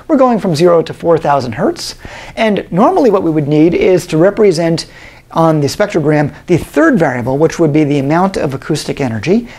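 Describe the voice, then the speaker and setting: A middle-aged man giving a recorded college lecture, explaining in a measured way with frequent pauses and fillers. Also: on the high side, darkish tone.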